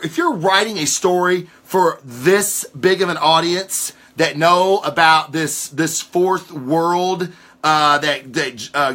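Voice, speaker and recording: A man's voice: fairly high pitch, sharp tone. A man giving a casual solo comic book review, rambling with many restarts and frequent swearing.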